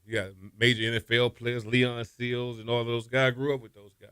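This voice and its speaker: In a casual interview, a middle-aged guest who played quarterback in college spins stories a little fast, his tone clean, re-enacting people's words by raising his pitch. Laughter comes often throughout. No echo is heard, and the sound is clean studio quality.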